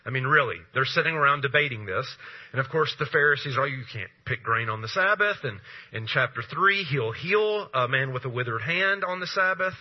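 A male pastor preaching a sermon, asking rhetorical questions and pausing for effect, with a husky voice. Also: medium pitch, muffled recording.

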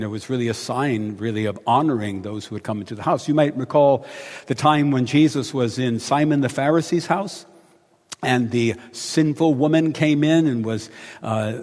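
A man preaching a sermon in a conversational, storytelling manner. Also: medium pitch. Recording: long hall reverb.

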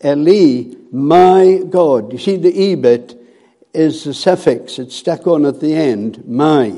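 A man preaching a sermon, slow and deliberate, with hesitant fillers between phrases. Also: a little high, expressive, warm tone.

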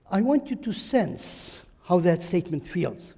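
A man's voice: sits high, sing-song, unhurried, vocal fry, hardly any pauses, dark tone, breathy edge, long reverb tail. A man preaching a sermon, driving his points home with emphatic rhetorical questions and repetition.

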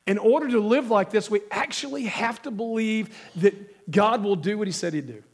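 A man's voice: sits high, moderate pace. A male pastor with a cold preaching a sermon, emphatic and asking the congregation questions. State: has a cold.

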